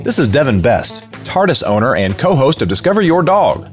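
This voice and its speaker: A man's voice: medium pitch, sing-song, brisk, loud music behind the voice. A man hosting a podcast who reads an upbeat scripted intro and then asks probing questions in casual chat. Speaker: podcast co-host.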